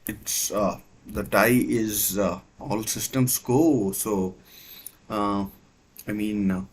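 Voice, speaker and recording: In a rough recording, a man with a medium-pitched voice hosts a live football watchalong. His play-by-play match commentary is hesitant, with many fillers and restarts.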